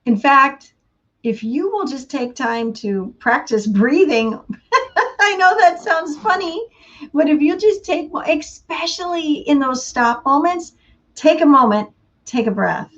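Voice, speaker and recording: A woman giving a casual inspirational talk, unhurried and laughing often between thoughts. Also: high-pitched, animated, lo-fi sound. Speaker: motivational speaker.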